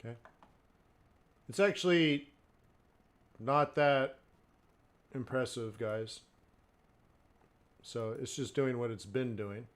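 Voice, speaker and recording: A man's voice: mid-range voice, slow, long pauses. A man hosting a live trading stream, giving loose, chatty market commentary and checking in often with the viewers. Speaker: forex trader and stream host.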